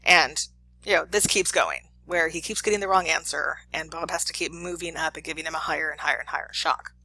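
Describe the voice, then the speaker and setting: Chatty professor with a gravelly, bright voice. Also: medium pitch, fairly quick, rough recording. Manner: chatty, uses many fillers and acted quotes. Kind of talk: casual classroom lecture.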